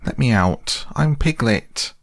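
A man voicing a small, timid male piglet in a storybook reading, raised high and fretful. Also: lively intonation, measured pace, creaky, darkish tone, slightly rough, dry recording, clean studio sound, heavily acted. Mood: upset.

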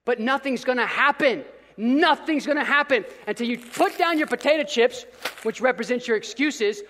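A male pastor preaching a sermon in an energetic, casual way with slang, now and then breaking into shouts. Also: very high-pitched, normal speed, in a large hall.

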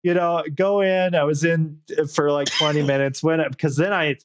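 A young man tells a story in casual, profane podcast chat. His voice sits a little high, and he slips into quick impressions of the people he quotes. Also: fairly even intonation. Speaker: podcast co-host.

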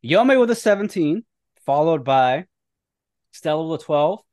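Man in the game master's seat, mid pitch, easygoing, dry close mic. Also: a little slow, no room sound. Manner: relaxed, casual, loose with fillers. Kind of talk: narrating a tabletop game.

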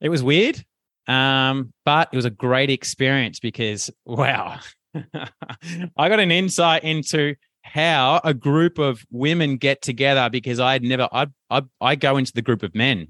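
A man, a coach talking casually as a podcast guest, animated and chatty with plenty of fillers. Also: medium pitch, no room sound, clean studio sound. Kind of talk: casual interview chat.

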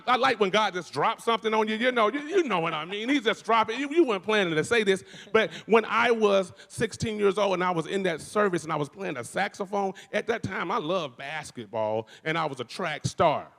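Male church speaker, fervent preacher cadence, slightly high, long hall reverb. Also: fairly quick, vocal fry, hardly any pauses. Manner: energetic, repetitive preacher cadence with frequent restarts. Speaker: worship musician and speaker. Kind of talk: testimony in a church service. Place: church building.

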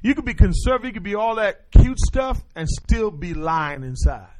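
A man's voice: high-pitched, normal speed. A male pastor preaching a sermon, calling out questions to the congregation and answering them himself. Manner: call-and-response preaching, animated.

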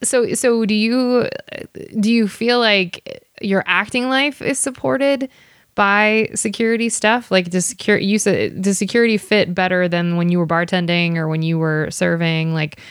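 A woman hosting a casual interview conversation, chatty and animated, often laughing as she tells stories. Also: fairly low pitch, smooth, no room sound, studio quality.

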